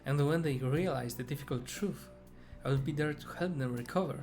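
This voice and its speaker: A man's voice: fairly high pitch, fairly quick, natural voice. A man reading aloud the lines of an earnest, remorseful young female fortune teller from a game, in his own plain voice, with game music playing behind.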